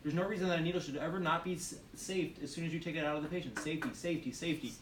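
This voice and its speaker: A man teaching a nursing class, his voice somewhat high for a man. He talks emphatically, repeating key phrases like a drill and firing questions at the students. He was recorded from a distance in an echoey room with faint background noise. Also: fairly even intonation, very fast. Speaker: nursing instructor. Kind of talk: classroom demonstration lecture.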